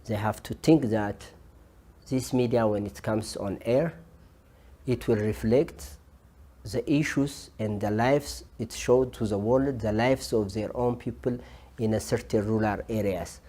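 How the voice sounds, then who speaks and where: A man with an Ethiopian accent answering interview questions, with many pauses and filler sounds. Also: lowish voice, dark tone. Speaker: interviewed journalist.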